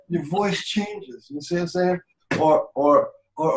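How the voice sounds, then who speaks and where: A man's voice: fairly high pitch, a little slow, echoey room, slight background noise, rough recording. A man teaching a healing practice in conversation, earnest and repetitive, often checking that he is understood.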